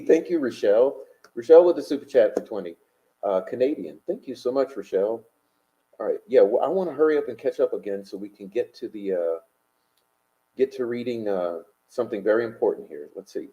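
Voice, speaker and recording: Male livestream host with a low, dark voice on dull lo-fi audio, rambling and combative. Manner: rambling, combative, full of uh fillers. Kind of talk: casual livestream commentary reading chat.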